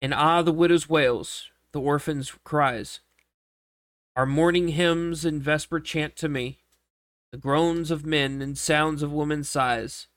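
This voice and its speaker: A man's voice: on the high side, steady tone, a bit bright, no echo. A man giving a mournful, solemn recitation of a long devotional poem, stumbling and restarting now and then. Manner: slow, mournful reading with occasional slips and restarts. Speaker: reader.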